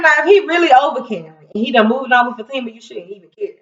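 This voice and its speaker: A woman hosting a casual TV recap, retelling scenes in an animated way, laughing often and quoting the characters in quick asides. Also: high voice. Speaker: recap show host. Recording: roomy, distant, dull sound.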